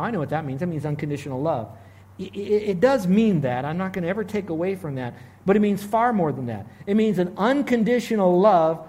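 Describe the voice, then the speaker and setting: Man pastor, high voice, animated sermon delivery, acts out quotes slowly. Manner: animated preaching with big swings in loudness; acts out dialogue in slow, drawn-out voices.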